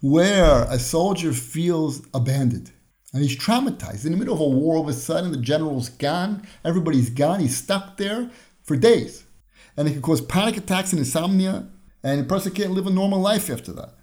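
A man's voice: on the high side, animated, fairly quick, darkish tone. A man hosting a podcast, giving a conversational Torah lesson with everyday examples and the odd chuckle. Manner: explains with everyday examples and acts out short dialogues; chuckles now and then. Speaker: podcast host and Torah teacher.

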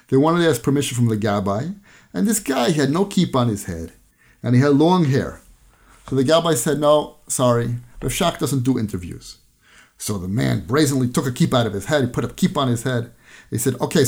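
A man's voice: medium pitch, darkish tone. A man giving a Torah talk, telling parables in an earnest storytelling way and using Hebrew and Yiddish terms. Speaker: Torah teacher.

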